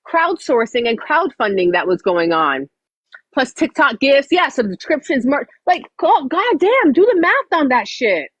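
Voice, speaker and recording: Animated, profane woman livestreamer. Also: mid-range voice, no room sound, highs cut off. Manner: profane, blunt and chatty. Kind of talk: casual livestream chat.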